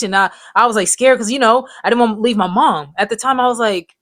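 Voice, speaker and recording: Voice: medium pitch, fast, few pauses, bright, forceful tone, dry recording. A person in their twenties telling life stories in a loose, rambling, profane way, full of slang. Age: 20s. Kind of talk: casual storytime monologue.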